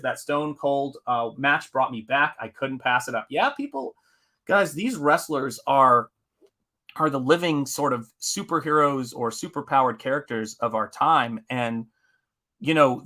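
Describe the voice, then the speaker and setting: Male streamer, bright tone, rambling and chatty while reading chat. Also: mid-range voice. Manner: rambling, reads chat aloud with fillers. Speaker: comic artist hosting a live stream. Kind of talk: casual live-stream chat.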